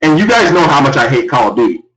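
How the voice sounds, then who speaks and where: A young man ranting loudly and in exasperation on a live gaming stream. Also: very animated, quick pace. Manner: loud, exasperated ranting with big pitch swings. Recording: echoey room, far from the mic.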